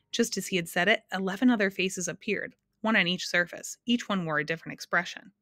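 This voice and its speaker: A woman reading a children's storybook aloud with a clear, expressive narration. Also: lowish voice, a little fast, few pauses, no room sound, studio quality. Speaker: reader.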